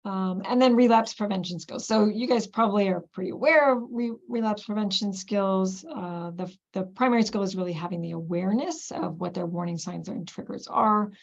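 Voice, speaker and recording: A woman presenting to clinicians over a video call, with a gravelly edge to her voice. She explains things conversationally, with plenty of ums and restarts. The audio is dull and lo-fi. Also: mid-range voice, fairly quick, few pauses. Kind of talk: online teaching presentation.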